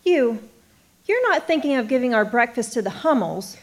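A prim, spoiled youngest sister. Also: female voice, fairly high pitch, big pitch swings, moderate pace. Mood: petulant. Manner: petulant, affected.

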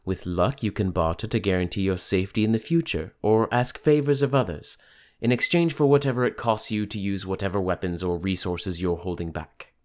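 A man's voice: low voice, fairly even intonation, darkish tone, lightly acted. A man reading an audiobook, voicing a controlled woman leader of a secret group who speaks formally and firmly. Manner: formal, measured, unyielding.

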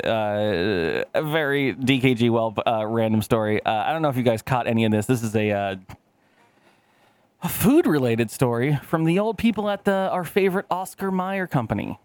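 A man's voice: medium pitch, lively intonation, normal speed, clean tone, dry recording. A man in his thirties hosting a podcast, rambling in casual chat with a lot of swearing and acted-out voices. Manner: rambling, profane, acts out quoted voices. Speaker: podcast host.

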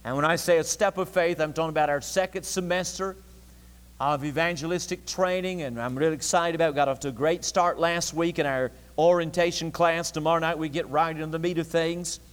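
A man preaches an evening sermon in a high, ringing voice, hammering phrases home again and again. His words echo with a long tail through a large church sanctuary. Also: steady tone, fairly quick. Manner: emphatic, repetitive preaching cadence.

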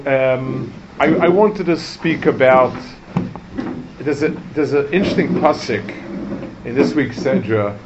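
A man giving a Torah class, talking in a halting way with many restarts and Hebrew terms. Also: mid-range voice, background noise. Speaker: Torah teacher. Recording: dull lo-fi recording with faint ambience.

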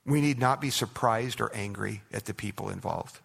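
Pastor, man, gravelly, earnest conversational preaching with quiet prayerful moments. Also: on the low side, moderate pace. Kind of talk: sermon.

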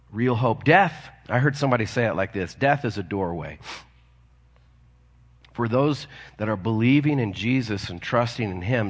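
A man's voice: mid-range voice, slightly rough. A man preaching a sermon as a pastor, earnest and conversational, asking his listeners questions as he goes. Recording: long reverb of a large hall.

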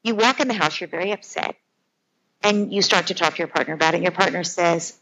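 A woman's voice: on the low side, fast, bright, forceful tone, rough recording. A woman speaking as a parenting expert, earnestly explaining her ideas through everyday scenarios. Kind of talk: conversational explanation.

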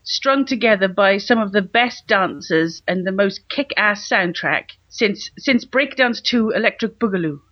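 A man's voice: high-pitched, lively intonation, unhurried, hardly any pauses, no echo, dull audio. A man co-hosting a comedy podcast over a call, cheeky and camp with frequent laughter. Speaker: podcast co-host. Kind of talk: casual comedic chat. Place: rural house in France. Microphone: remote call.

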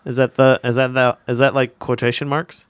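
A man's voice: mid-range voice, little pitch movement, a little fast, no room sound, clean studio sound. A man co-hosting a podcast, rambling and swearing in playful casual banter. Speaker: podcast co-host.

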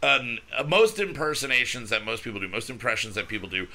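A man's voice: medium pitch, fast, bright, forceful tone. A man in his thirties chatting casually on a podcast, rambling and self-deprecating. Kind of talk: casual chat.

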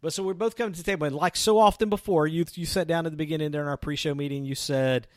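A man's voice: on the high side, steady tone, racing, no room sound, clean studio sound. A man co-hosting a youth ministry podcast, bantering playfully in a casual chat.

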